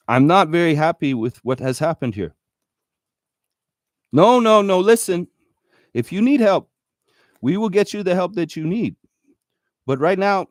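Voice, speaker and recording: A man doing an impression of a stern middle-aged team president who is calmly and formally scolding a player. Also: fairly high pitch, dry recording, clean studio sound. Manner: calm, formal, disappointed scolding.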